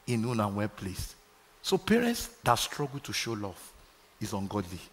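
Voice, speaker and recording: A man's voice: medium pitch, very animated, normal speed, long reverb tail. A Nigerian man preaching a sermon, calling out to his congregation for responses. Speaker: pastor. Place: large church hall.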